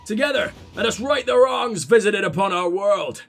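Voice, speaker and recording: A man's voice: high voice, moderate pace, faint music behind, voice pushed down, lightly acted. A man voicing a formal, devout young male prince with a put-on Irish accent, reading a letter in a stately, ceremonious way. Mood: solemn.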